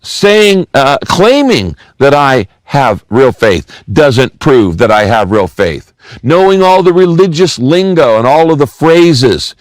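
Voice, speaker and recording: An older male pastor preaching with a very lively, swinging pitch, moving between scripture reading and casual asides to his listeners. His voice sits in a middle register and sounds close and dry, with almost no room around it. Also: dry recording. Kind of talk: sermon.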